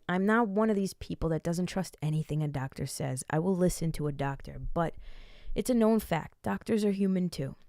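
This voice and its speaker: Speaking in a lowish, darkish voice, a late-twenties American vlogger tells a personal story in a casual, rambling way, swearing as she likes. The sound is clean studio audio with no room sound.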